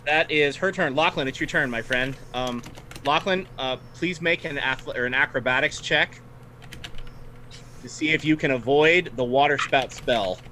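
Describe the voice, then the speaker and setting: A man's voice: medium pitch, moderate pace, pushed and bright, a little hiss or hum. A man running a tabletop game as game master, narrating turns in a friendly way and laughing often.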